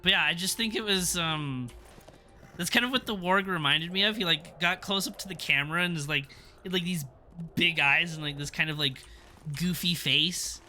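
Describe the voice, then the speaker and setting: A man's voice: a little high, normal speed, bright, forceful tone, a little hiss or hum. A young man chatting casually on a live stream, reviewing a TV episode in a rambling, laughing way. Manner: rambling, self-interrupting, laughs often.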